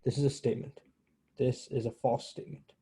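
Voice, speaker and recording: A man's voice: medium pitch, fairly even intonation, brisk, warm tone, slightly rough. A man giving a university math lecture in a conversational way, often correcting himself as he explains step by step.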